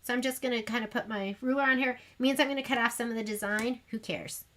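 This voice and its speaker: A woman's voice: fairly high pitch, steady tone, quick pace, a bit bright, slight background noise. A woman hosting a sewing livestream, chatting casually and rambling while she demonstrates. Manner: chatty, rambling, self-deprecating. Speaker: sewing shop livestream host.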